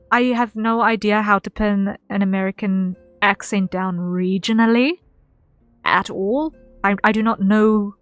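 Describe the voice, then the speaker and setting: A woman streamer talks casually to her viewers at the end of a session. Her speech rambles, circling back on words and filling gaps with ums, while quiet music plays underneath. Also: medium pitch, no room sound, muffled recording. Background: faint background music.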